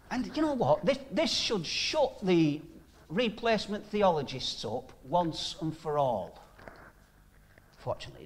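A man preaching a sermon, reading scripture aloud and then explaining it in plain, casual speech, possibly. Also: on the high side.

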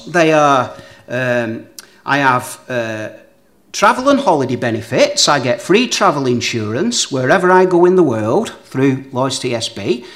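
Preacher with a lively, animated voice. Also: male voice, fairly high pitch. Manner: emphatic, repeats key phrases, addresses listeners directly. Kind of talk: sermon with object lessons.

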